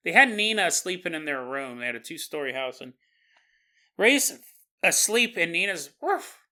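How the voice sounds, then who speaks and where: A man hosting a podcast who narrates a story in an animated way and acts out its characters. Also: fairly high pitch, moderate pace. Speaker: podcast host.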